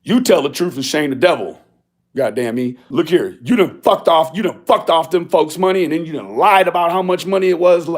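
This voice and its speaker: A man's voice: a little high, expressive, brisk. A man telling a profane, mocking story in a casual rant, often acting out other people's lines. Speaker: video blogger.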